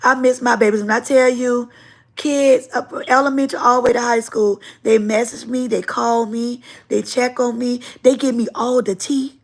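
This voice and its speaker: Animated woman chatting on a livestream. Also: on the high side, moderate pace. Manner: animated, emphatic storytelling with repetition. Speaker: livestream host and teacher. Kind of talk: casual livestream chat.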